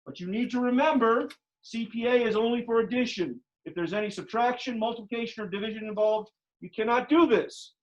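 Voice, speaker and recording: This very high-pitched, brisk man is lecturing a math class. He is emphatic, says his questions to the students twice, and sounds a bit winded through his face mask, all captured in dull lo-fi classroom audio.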